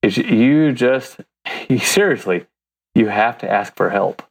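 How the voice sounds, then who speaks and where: A man's voice: mid-range voice, animated, slow, vocal fry, breathy edge. A man from the United States, a company founder and interview guest, telling stories casually, laughing often and acting out his own thoughts.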